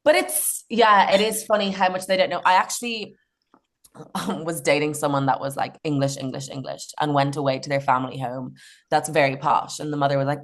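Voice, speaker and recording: Woman, Irish accent, young adult, lower pitch, chatty, laughing asides. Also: fairly even intonation, fairly quick. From Ireland. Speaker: comedian guest. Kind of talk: casual podcast chat.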